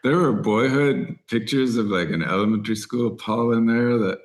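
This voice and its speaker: A middle-aged man from Texas, a writer and angler, telling lively anecdotes in an interview and acting out other people's lines. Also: medium pitch, normal speed. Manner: animated anecdotes, voices other people in quotes. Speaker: podcast guest, writer and angler. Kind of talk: storytelling interview chat.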